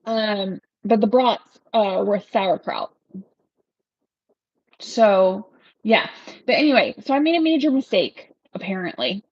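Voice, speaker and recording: A woman's voice: medium pitch, animated, unhurried, pauses often, breathy edge, no echo, muffled recording. A woman chatting casually on a livestream, rambling from one thing to the next and laughing often. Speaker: realtor hosting a livestream.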